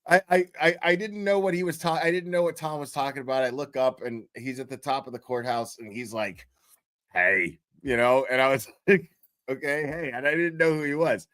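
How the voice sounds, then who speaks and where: A man's voice: on the high side, steady tone, brisk, hardly any pauses, a bit bright, no room sound. A man hosting a livestream and telling a story in a loose, rambling, profane way, with restarts and bursts of laughter. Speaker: livestream host. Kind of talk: casual livestream commentary.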